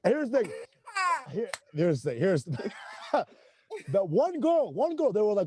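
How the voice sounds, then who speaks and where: A man doing stand-up comedy with a lively voice that swings high and low as he laughs along at his own jokes. He is performing on a video call from outdoors in an industrial spot. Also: measured pace, pauses often, breathy edge, no room sound.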